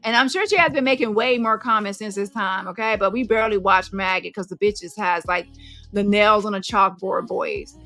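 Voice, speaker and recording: A woman hosting a casual online commentary show, brash and animated, swearing and mocking the people she talks about. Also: mid-range voice, normal speed, no echo, soft background music. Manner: animated and brash, swears freely, mocks voices.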